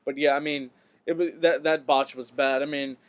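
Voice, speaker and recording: A man's voice: on the high side, steady tone, normal speed. A man co-hosting a podcast, chatting casually about wrestling, often stumbling and repeating words as he goes. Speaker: podcast co-host.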